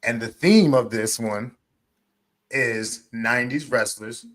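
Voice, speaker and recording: A man co-hosting a casual wrestling podcast, upbeat and relaxed, drawing words out when he stresses them. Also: mid-range voice, slow. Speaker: podcast co-host. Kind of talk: casual chat.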